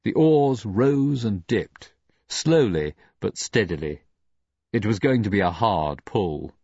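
A man narrating an audiobook in a dramatic, expressive reading. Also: on the low side, slow pace, gravelly, slightly rough, dry recording, dull audio. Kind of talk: scripted narration.

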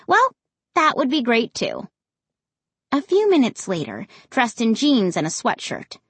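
Woman audiobook narrator, husky tone, lively expressive pitch. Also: dry recording. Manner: expressive storytelling. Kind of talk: first-person audiobook narration.

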